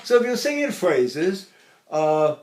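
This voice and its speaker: Older man, voice teacher, fairly high voice, talks through technique, breaks into sung examples. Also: sing-song, slow pace, darkish tone, echoey room. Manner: explains, then sings short phrases to show. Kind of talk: vocal lesson with sung demonstrations.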